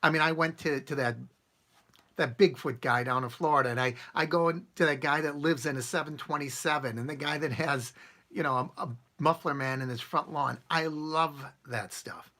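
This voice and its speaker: A man's voice: on the high side, moderate pace, bright, forceful tone. A man hosting a casual live stream, rambling and chuckling as he answers comments from his viewers. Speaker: channel host answering live chat.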